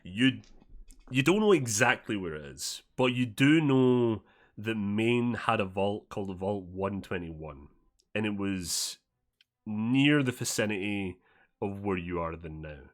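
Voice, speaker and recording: A man's voice: fairly low pitch, animated, unhurried. Rambling man running a tabletop game. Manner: rambling, fillers like "like", improvising. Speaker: game master.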